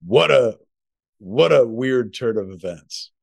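A man's voice: mid-range voice, lively intonation, slow pace, vocal fry, dry recording. A middle-aged man co-hosting a podcast from home, telling a long, rambling story packed with profanity. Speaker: podcast co-host. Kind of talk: casual chat.

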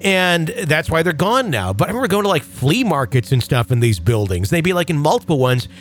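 A Wisconsin man hosts a paranormal podcast, rambling casually, laughing and swearing now and then. His fairly high voice is very animated and moves fairly quickly.

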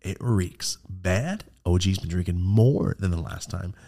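A young man chatting casually and swearing freely, telling a funny story with laughs and quick put-on voices for the people in it. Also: deep voice, gravelly, mellow. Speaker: guest storyteller. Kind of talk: casual podcast chat.

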